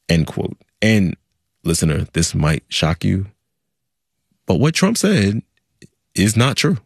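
Brief: male podcast host, low husky voice, lively delivery, dry studio sound. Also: slow, pauses often, no echo. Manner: animated, chatty, explanatory. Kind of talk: conversational news podcast.

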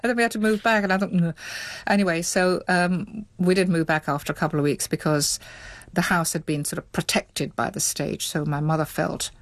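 A woman's voice: fairly low pitch, fairly even intonation, normal speed, no echo. A middle-aged woman, interviewed, recalling her childhood in a reflective, hesitant way with many restarts. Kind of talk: reflective recollection.

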